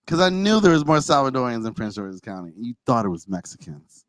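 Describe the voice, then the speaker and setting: A man, co-hosting a casual podcast. He banters, jumps between mumbling asides and shouted protests, and is a teacher. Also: medium pitch, brisk, no room sound. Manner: animated, rises to shouting when teased. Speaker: podcast co-host.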